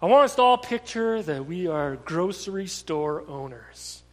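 A man preaching a sermon in a conversational way, telling stories with lively energy and often restarting his sentences. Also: high voice, measured pace, big-room sound. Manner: conversational, animated storytelling with repeated restarts.

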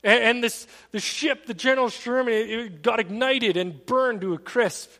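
A man's voice: very high-pitched, moderate pace, bright, forceful tone. A pastor, a man, preaching a sermon in a conversational, earnest storytelling manner in a church sanctuary. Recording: long reverb of a large hall.

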